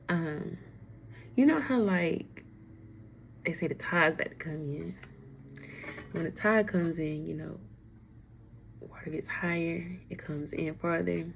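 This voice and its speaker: A woman's voice: lowish voice, vocal fry, slight background noise. A woman giving a casual, emotional tarot reading on a livestream, chatting straight to her viewers. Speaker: tarot reader.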